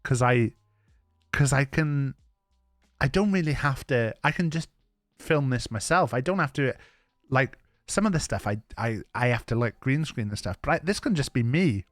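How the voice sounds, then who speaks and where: A man streaming live, chatting casually to his viewers, rambling and swearing with sudden excited outbursts. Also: medium pitch, moderate pace, no echo, clean studio sound, soft background music.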